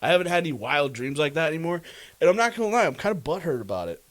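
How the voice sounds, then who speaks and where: A man co-hosting a podcast in casual chat, recounting a story with animated delivery, frequent laughs and fillers. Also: fairly high pitch, very fast, no echo. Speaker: podcast co-host.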